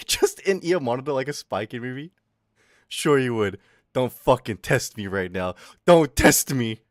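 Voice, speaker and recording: A young man streams and talks straight back to his chat. His pitch leaps up and down all over the place, and he swears and laughs loudly. The voice is close and dry, with no room sound. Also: a little slow, no echo. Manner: loud, swearing, laughing, animated ranting. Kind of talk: casual stream chat reading chat.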